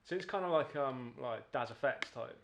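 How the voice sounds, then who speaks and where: A man hosting a podcast, asking quick, eager follow-up questions in casual chat. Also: medium pitch, expressive, gravelly, a little hiss or hum. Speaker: podcast host.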